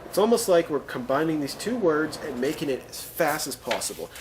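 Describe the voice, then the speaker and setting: Lively-voiced man teaching pronunciation. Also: fairly high pitch, background noise. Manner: reads example sentences slowly, with joking asides. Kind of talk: casual video lesson.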